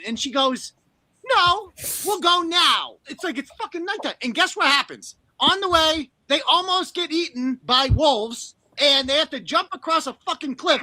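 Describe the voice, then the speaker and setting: A man ranting comically with heavy swearing and lively, bright delivery, putting on shrill voices for characters as he goes. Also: no room sound, low-quality recording. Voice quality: animated, swearing, mimics characters in high voices. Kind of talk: profane comedic rant.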